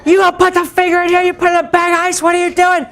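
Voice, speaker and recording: A man voicing his frantic middle-aged mother, yelling in a shrill put-on voice high above his own. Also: monotone, rapid-fire.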